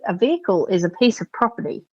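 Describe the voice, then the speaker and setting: Australian woman, podcast co-host, blunt and animated storyteller with a salty mouth; slightly muffled recording. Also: mid-range voice, fast talker, no echo. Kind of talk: casual chat. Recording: slightly dull lo-fi audio.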